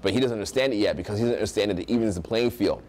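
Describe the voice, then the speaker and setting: A man's voice: on the low side, rapid-fire, darkish tone, slight background noise. A young American man teaching social skills at a live seminar, projecting his voice with energy and acting out example voices. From United States.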